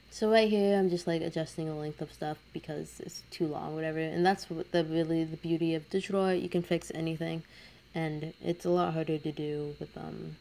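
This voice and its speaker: Young woman, lowish voice, casual rambling voice-over, self-deprecating. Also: gravelly, a little mellow, slight background noise. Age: young adult. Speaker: artist narrating a speed paint.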